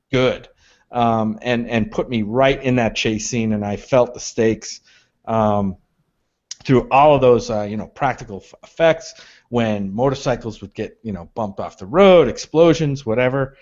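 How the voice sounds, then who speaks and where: A man's voice: mid-range voice, darkish tone. Man co-hosting a casual podcast, lo-fi. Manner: thoughtful, story-focused, many restarts. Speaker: podcast co-host. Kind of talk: casual movie review chat. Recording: dull lo-fi podcast audio.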